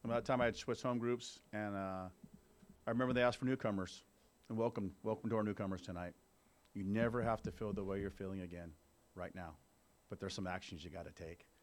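Candid, low-voiced man telling his story. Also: steady tone, fairly quick. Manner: candid and conversational, often checking in with the audience. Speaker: speaker at a recovery meeting. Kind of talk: personal recovery testimony to a group.

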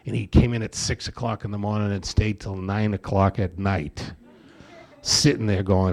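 A man speaking at a recovery meeting, telling his story in a rambling, animated way with many repeated restarts. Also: on the low side, moderate pace.

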